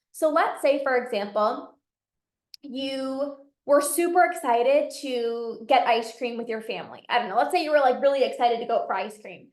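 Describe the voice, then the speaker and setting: A woman's voice: on the high side, normal speed, darkish tone, reverberant. A woman hosting a solo podcast as a coach, talking in an earnest, encouraging way. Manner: earnest, encouraging, acts out inner voices. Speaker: podcast host and binge eating coach.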